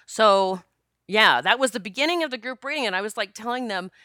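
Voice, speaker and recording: A woman's voice: a little high, fairly quick, no room sound. Chatty woman telling a story, dry sound. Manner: emotional, animated, swearing, frequent fillers. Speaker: psychic medium. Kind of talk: casual storytelling monologue.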